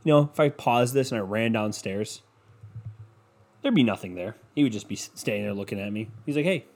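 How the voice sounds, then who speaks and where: A man's voice: on the low side, fairly quick, darkish tone. A man rambling through a casual solo monologue at home, swearing often and putting himself down. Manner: rambling, profane, self-deprecating.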